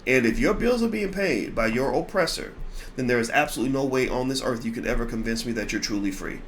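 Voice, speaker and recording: A man hosting his own commentary show, speaking bluntly and with emphasis in a mid-pitched voice. He talks in an unscripted way and restarts his sentences on repeated words as he pushes his point. There is a faint hiss of noise behind him. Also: expressive, fast. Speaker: host of a commentary channel. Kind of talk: commentary monologue.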